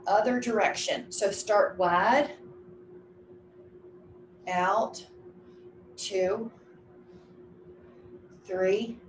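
Echoey woman fitness instructor counting reps. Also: medium pitch. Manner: counting reps aloud with brisk, encouraging cues. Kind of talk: guiding an exercise class. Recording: echoey room with faint ambient noise.

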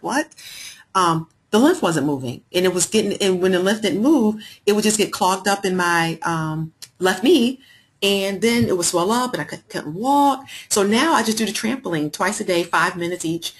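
A woman's voice: on the low side, slightly rough. A woman hosting a live health webinar, talking in a chatty way and reading out and answering viewers' chat messages. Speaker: webinar host.

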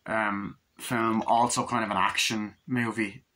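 A man's voice: on the low side, flat delivery, a little slow, pushed and bright, a little hiss or hum. A man giving a casual, rambling film review, swearing freely and retelling scenes loosely. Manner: loose, profane, full of fillers and retellings. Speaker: movie reviewer.

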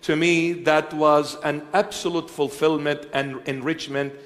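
A man preaching and answering questions before a congregation, halting with many fillers and joking now and then. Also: fairly high pitch, fairly even intonation. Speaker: church bishop preaching. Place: church hall with congregation. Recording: long reverb of a large hall.

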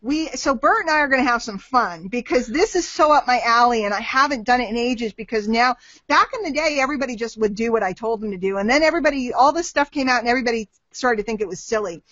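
A woman hosting a casual chat over a video call, lively and teasing with her guests. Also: on the high side, no room sound. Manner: lively, teasing, quick to laugh. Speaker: host taking questions. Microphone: webcam on a video call. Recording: dry, dull lo-fi web-call audio.

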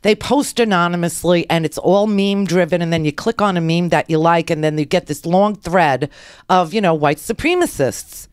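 A woman hosting a political talk radio show, delivering a rambling, animated monologue into a close studio mic and acting out the people she quotes. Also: fairly low pitch, moderate pace, smooth, no echo.

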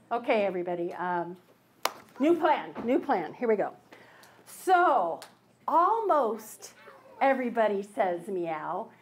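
Woman storyteller for a library kids' session, bright high voice swooping around, slow and coaxing. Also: slight background noise. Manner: playful, mock-puzzled coaxing with stammered restarts. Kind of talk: children's storytime. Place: public library.

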